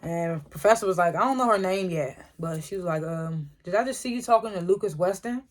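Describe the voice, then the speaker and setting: Casual TV recapper: chuckly, profane, rattles off quoted dialogue scene by scene. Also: mid-range voice. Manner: chuckles often while retelling scenes; acts out characters' lines in quick quotes. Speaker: TV episode reviewer.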